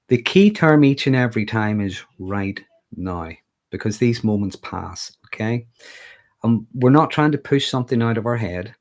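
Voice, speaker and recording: Northern irish man, lowish voice, casual livestream talk, conversational, keeps asking okay. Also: lively intonation, normal speed. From Northern Ireland. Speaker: mental health livestreamer.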